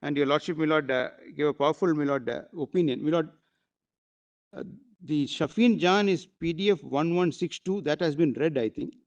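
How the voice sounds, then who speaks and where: High-voiced advocate. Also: male voice, normal speed, darkish tone, lo-fi sound. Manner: formal, deferential, repeats the court address often; hesitant at times, with fillers and restarts. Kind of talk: courtroom argument.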